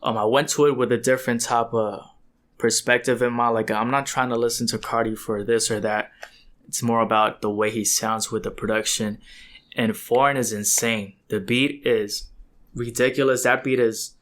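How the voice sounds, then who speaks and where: A man's voice: mid-range voice, flat delivery, moderate pace, fairly bright tone. A young man talks loosely through a music reaction video as its host, with lots of filler words and slang. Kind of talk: casual music reaction commentary.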